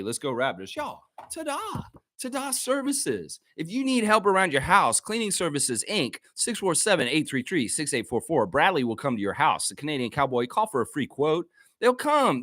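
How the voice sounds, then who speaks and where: A man's voice: on the high side, sharp tone, dry recording, studio quality. Brash trash-talking sports stream host man. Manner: brash, trash-talking, reads chat aloud. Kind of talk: live sports chat stream.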